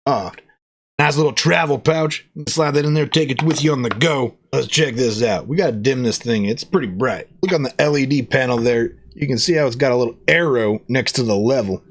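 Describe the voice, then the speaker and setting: A man talks his way through an unboxing in a loose, casual vlog. He jokes in a playful cowboy persona, and his voice sits in a middle range before leaping up when he gets excited. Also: medium pitch, brisk. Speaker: product reviewer.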